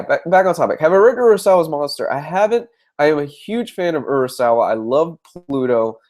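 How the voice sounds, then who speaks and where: A man's voice: medium pitch, darkish tone. Congested young man chatting on a live stream. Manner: chatty, rambling with restarts. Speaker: comic book reviewer.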